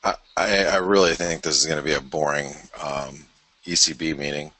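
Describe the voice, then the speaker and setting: A man's voice: extremely low pitch, steady tone, moderate pace, bright, forceful tone, dry recording. A man hosting a live market show, casually talking through charts as he thinks aloud, with self-deprecating asides. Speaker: forex market commentator, show host.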